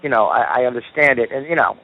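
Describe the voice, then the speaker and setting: A man's voice: medium pitch, quick pace, phone-quality sound. A male stand-up comedian ranting heatedly on a call, swearing constantly. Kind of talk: profane phone chat.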